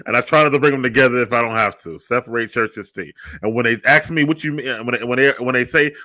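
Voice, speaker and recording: A man's voice: medium pitch, quick pace, hardly any pauses, bright, forceful tone, no echo. A man on a live podcast panel speaking playfully and laughing often.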